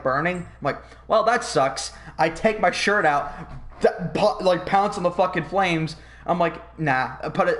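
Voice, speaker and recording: A young man hosting a podcast, telling a long story in a rambling, profane, animated way. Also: a little high. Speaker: podcast host. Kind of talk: casual storytelling.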